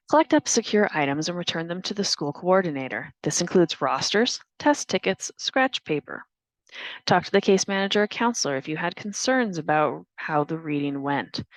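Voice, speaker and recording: A woman narrating a staff training on reading test items aloud, in a clear, deliberate instructional manner. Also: on the low side, no room sound.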